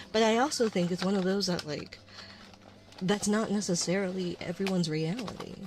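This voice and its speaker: A woman streamer chatting casually in an ASMR stream, rambling and often dropping into a soft whisper. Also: medium pitch, moderate pace, noisy background. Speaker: VTuber streamer.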